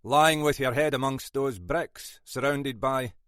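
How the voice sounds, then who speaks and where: A man's voice: mid-range voice, unhurried, a bit bright, no room sound, pitched above the performer's own voice, natural voice. A man voicing a brusque, scolding older Scottish male detective inspector in an audiobook. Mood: stern. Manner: brusque, scolding, dry wit. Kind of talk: audiobook character voice.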